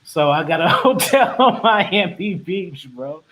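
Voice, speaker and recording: Slangy laid-back man, fairly high voice. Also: lively intonation, measured pace, a loud crowd, low-quality recording. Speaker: host reading viewer questions. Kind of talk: casual chat.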